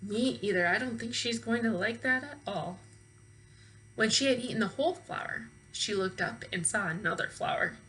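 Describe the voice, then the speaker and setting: A woman teacher reading a children's book aloud expressively, pausing to ask her young listeners questions. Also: on the high side, a bit bright, slight background noise, rough recording.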